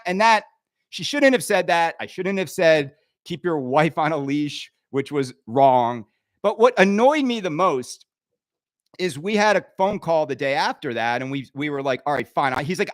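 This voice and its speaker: Brief: middle-aged male host, high voice, bone-dry close sound, heated rambling rant. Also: dry recording. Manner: animated, swinging between loud outbursts and quiet asides. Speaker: pinball show host. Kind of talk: ranting monologue.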